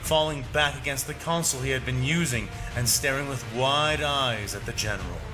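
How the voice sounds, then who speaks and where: Man, story narration, dramatic measured reading, middle pitch, background music.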